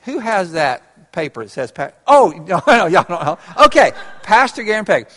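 A man's voice: high voice, big pitch swings, normal speed, fairly bright tone. A man preaching an interactive sermon, talking conversationally and laughing along with his congregation. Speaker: pastor. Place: church. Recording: reverberant church hall.

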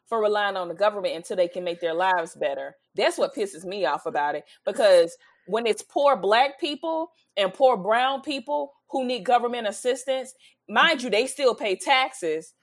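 A woman's voice: medium pitch, animated, moderate pace. A woman co-hosting a podcast in casual chat, sassy, blunt and emphatic. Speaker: podcast co-host.

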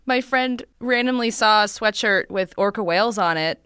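A woman's voice: mid-range voice, moderate pace, fairly bright tone, smooth, dry recording, studio quality. A woman co-hosting a podcast in casual chat, giggly and chatty with lots of fillers. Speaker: podcast co-host.

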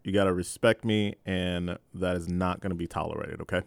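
A man putting on a strict parent's voice, lecturing firmly and loudly, as a podcast co-host. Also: sits low, fairly even intonation, fairly quick, creaky, dry recording. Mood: stern. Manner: firm, lecturing, loud. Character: stern scolding adult male parent, strict.

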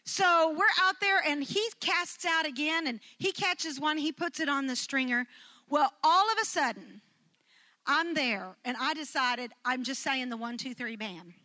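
An animated woman telling a personal story to a live audience. Her voice sits high and bright, and it leaps even higher when she acts out quotes. She laughs her way through the funny parts. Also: measured pace. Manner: animated, acts out quotes with big jumps in pitch.

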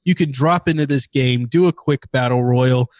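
A man's voice: medium pitch, moderate pace, no echo. A man co-hosting a podcast, chatting casually and enthusiastically about games he recommends. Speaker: podcast co-host. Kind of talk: casual gaming chat.

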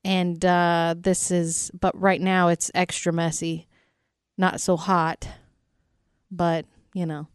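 A woman's voice: lowish voice, level tone, slow pace, clean tone, dry recording, clean studio sound. A woman co-hosting a radio show, chatting casually in a rambling, self-deprecating way. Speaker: radio co-host. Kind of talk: casual morning show banter.

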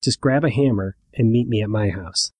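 A man's voice: lowish voice, moderate pace, darkish tone, no echo, lightly acted. A man voicing his tough, loyal teenage friend who speaks urgently and insistently.

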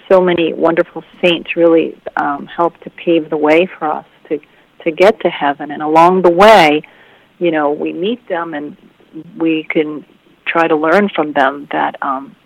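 A woman guest author with a gravelly, creaky edge to her voice, recorded dry and close. She answers in a heartfelt, rambling way, full of fillers and little laughs. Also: sits low, dry recording, highs cut off. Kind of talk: earnest interview answers.

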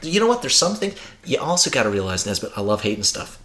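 Guy ranting on a podcast, lively pitch, casual chat. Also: fast. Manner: ranting, exaggerated mocking impressions. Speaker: podcast co-host.

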